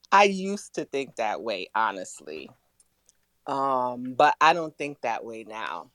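A woman co-hosts a casual podcast chat in a slow, reflective way. She hesitates and restarts as she thinks. Her voice is dry and close. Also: very deep voice, sing-song, fairly bright tone, no echo.

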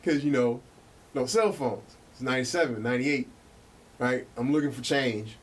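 A man hosting a podcast, telling stories in an animated, profane, casual way. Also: medium pitch, moderate pace, husky. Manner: animated and profane, with lots of fillers. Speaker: podcast host.

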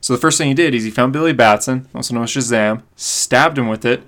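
A man's voice: medium pitch, quick pace, a bit bright. A man co-hosting a podcast, casually recapping a comic book story with enthusiasm and frequent fillers. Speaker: podcast co-host.

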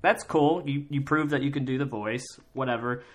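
Solo podcast host, casual and rambling, mid-pitched voice, full of fillers and restarts, breaks into mock voices to quote people. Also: fairly even intonation, a little fast, very noisy. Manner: breaks into loud mocking voices when quoting others. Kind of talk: solo comedy podcast commentary.

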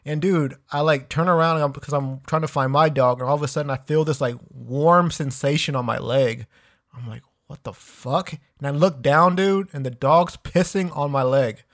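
A man's voice: a little high, moderate pace, a bit bright. A man co-hosting a podcast, laid-back, rambling and swearing a lot, tossing in dude every few words. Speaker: podcast co-host. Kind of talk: casual podcast banter.

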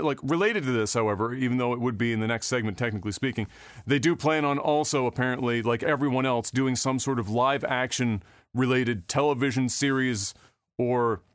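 A man's voice: mid-range voice, clean tone, no echo, studio quality. A man hosting a casual gaming news podcast, sarcastic and offhand, swearing freely, with many fillers and restarts. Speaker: podcast host.

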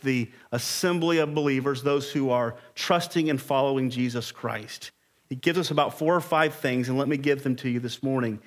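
A man's voice: medium pitch, a bit bright. A man preaching a Sunday morning sermon as pastor, emphatic and rising in intensity.

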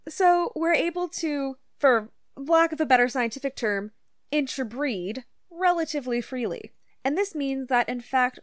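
A fairly high-voiced woman from Canada co-hosts a casual podcast and lays out her points at length, pressing back when she is interrupted. The sound is dry and close to the mic, with no room around it. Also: no echo. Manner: explanatory, insistent, quick asides. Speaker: podcast co-host. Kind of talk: casual educational podcast chat.

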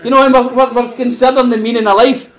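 A Scottish man with a notably high-pitched voice preaching in a relaxed, chatty way on a podcast. He is animated and quick to laugh, and slips into little acted-out voices as he makes his points. He sounds like he is talking with friends rather than lecturing. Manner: animated, laughs often, acts out quoted voices. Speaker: podcast host. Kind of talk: conversational preaching.

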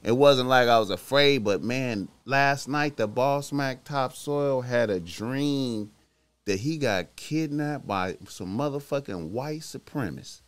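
Profane, slangy man with a smooth voice. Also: a little slow. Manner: profane slangy storytelling, swings from low mumbles to loud outbursts. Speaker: streamer talking to chat. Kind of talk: casual rambling monologue.

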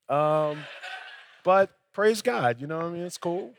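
A man's voice: fairly high pitch, moderate pace. A young adult male pastor preaching a sermon in a conversational storytelling way, acting out both sides of his dialogues.

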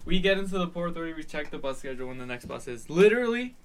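A man retelling a night out to friends in casual chat, quick with restarts. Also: fairly high pitch, very animated, a little hiss or hum. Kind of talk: casual group storytelling.

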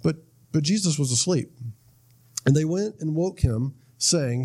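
Conversational male preacher, fairly high voice. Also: measured pace, a little mellow. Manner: conversational, repeats words, asks "right?" often. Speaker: pastor. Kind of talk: sermon.

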